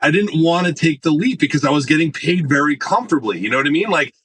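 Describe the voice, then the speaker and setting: Guy telling stories on a podcast, kinda high voice, acts out what people said. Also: quick pace, husky, low-quality recording. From United States. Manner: animated storyteller, acts out quoted voices. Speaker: marketing executive guest. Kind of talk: casual storytelling interview.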